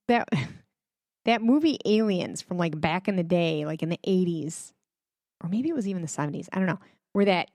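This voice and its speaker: A woman's voice: medium pitch, a little mellow, no echo, clean studio sound. A woman hosting a casual religious commentary, chatty and emphatic, with many fillers, speaking straight to her viewers. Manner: addresses viewers directly. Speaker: host.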